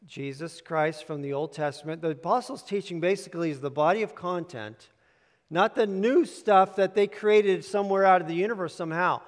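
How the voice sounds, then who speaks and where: A man's voice: high-pitched, fairly quick. A man preaching a sermon with handouts, emphatic and repetitive, telling listeners to underline words. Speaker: pastor. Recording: long hall reverb.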